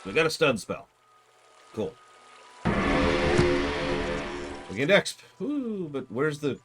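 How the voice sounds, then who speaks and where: A man's voice: fairly high pitch, huge pitch swings, takes it slowly, pauses often, loud music behind the voice. A man streaming a game live, chatting casually and rambling with self-deprecating asides.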